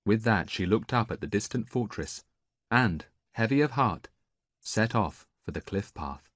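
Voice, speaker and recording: A man reading a novel aloud as an audiobook narrator, steady and measured. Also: fairly low pitch, no echo, studio quality. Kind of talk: scripted narration.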